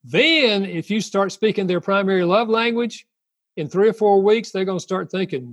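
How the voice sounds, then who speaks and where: An older man talks through relationship advice with earnest conviction. His voice sits a touch high for a man, and he slips into acted-out apologies and chuckles between points. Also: normal speed. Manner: earnest, laughs often, acts out spoken apologies. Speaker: marriage counselor guest. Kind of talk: conversational advice talk.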